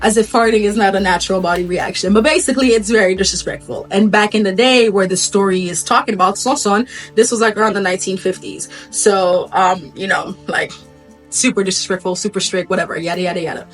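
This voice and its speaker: A woman's voice: medium pitch, fast, faint music behind. A woman from Haiti retelling a folktale in a casual, chatty way with laughing asides. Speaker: vlogger.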